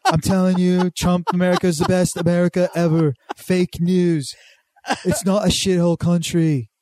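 A man's voice: high voice, flat delivery, moderate pace, darkish tone, dry recording, lightly acted. A man doing an impression of a brash, boastful older male politician, bragging and repeating himself, slipping into a British accent.

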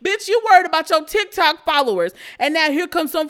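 A woman in her thirties hosting a podcast, telling a story in a blunt, profane way that breaks into loud outrage. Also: extremely high pitch, expressive, fairly quick, hardly any pauses. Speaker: podcast host. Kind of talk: casual storytelling rant.

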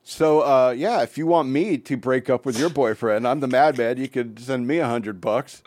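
A man's voice: medium pitch, moderate pace, a little mellow, no room sound, studio quality. A young man co-hosting a casual comedic chat, reading quotes aloud and chuckling through them. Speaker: podcast co-host.

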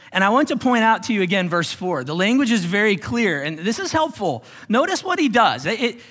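A man preaching a sermon as pastor, animated, swinging from loud exclamations to hushed whispers. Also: high-pitched. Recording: long reverb of a large hall.

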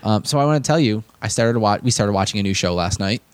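A young man co-hosting a casual podcast chat, telling stories animatedly, often stammering and restarting, and jumping into high voices to quote people. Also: quick pace, smooth, no echo. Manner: animated storyteller, jumps into high excited voices when quoting people. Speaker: podcast co-host.

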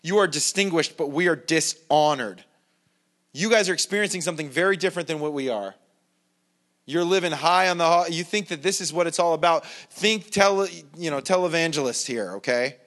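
A man's voice: a little high, fairly quick, fairly bright tone. A male pastor preaching a sermon in a conversational, self-deprecating way, with mocking asides. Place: church.

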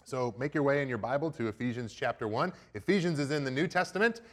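A man's voice: mid-range voice, fast talker. A young man, the preaching minister, speaking casually and jokingly to his congregation in a church before the sermon. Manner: relaxed, joking, direct with congregation. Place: church sanctuary.

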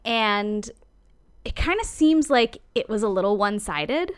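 A woman's voice: medium pitch, unhurried, clean tone. Woman casually telling a life story. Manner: animated, casual, swears lightly, acts out quotes.

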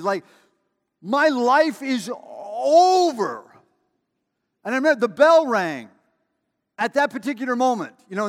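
A man preaches a sermon in a conversational way, leaning on emphatic repetition and storytelling asides. His voice sits high and a bit bright, with a big-room sound.

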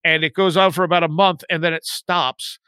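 A man in his forties telling a story in a casual chat, rambling and lively when he quotes his friends. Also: on the high side, fairly quick, clean tone, dry recording.

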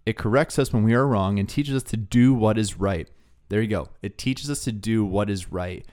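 A young man telling a faith story in a relaxed, casual way, with lots of "dude" and "like" as he talks. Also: lowish voice, moderate pace. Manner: laid-back, says "dude" and "like" a lot. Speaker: podcast co-host.

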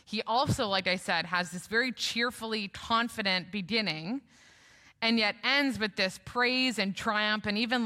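Young female preacher, bright and forceful, conversational sermon delivery with light humor, reverberant church hall. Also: mid-range voice. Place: church sanctuary.

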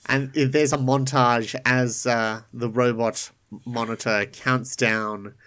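Slow-talking man narrating as game master. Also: medium pitch, fairly even intonation, a bit bright, clear, resonant tone. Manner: unhurried, descriptive.

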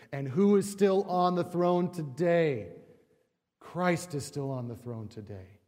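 Warm-toned preacher in a big echoing church. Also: male voice, on the high side, lively intonation, slow. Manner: conversational, rhetorical questions, acts out quotes. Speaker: pastor. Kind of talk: sermon. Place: church sanctuary. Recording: long church reverb.

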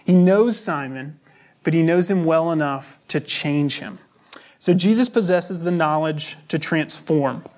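A man's voice: on the high side, a little slow, a little mellow. A man preaching a sermon as pastor, explaining scripture in a conversational, teaching way.

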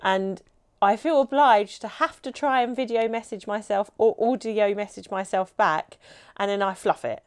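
A woman's voice: medium pitch, normal speed, clean tone. A chatty woman, co-hosting a casual podcast. She rambles and laughs easily, and her talk runs loose and friendly. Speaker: co-host.

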